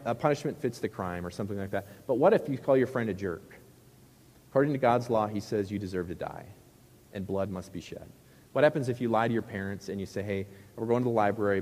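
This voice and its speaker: A man's voice: fairly low pitch, a little mellow, breathy edge, big-room sound. A middle-aged male pastor preaching a sermon in a conversational, joking way, with rhetorical questions to the crowd.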